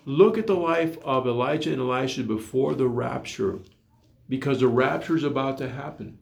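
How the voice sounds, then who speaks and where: A man's voice: medium pitch, moderate pace, creaky. A man preaching a sermon in an earnest, repetitive way, full of rhetorical questions, recorded in an echoey room.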